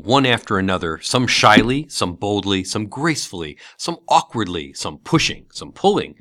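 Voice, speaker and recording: Guy reading an old novel aloud, lowish voice, dry close sound, expressive. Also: normal speed, hardly any pauses, no room sound. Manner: expressive storytelling. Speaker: narrator. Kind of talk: audiobook narration of a classic novel.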